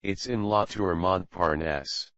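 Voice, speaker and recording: A courteous woman secretary, voiced by a man reading aloud, gentle and sad. She speaks low and slow. The sound is dry and a bit dull, like an old audiobook tape. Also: dry recording.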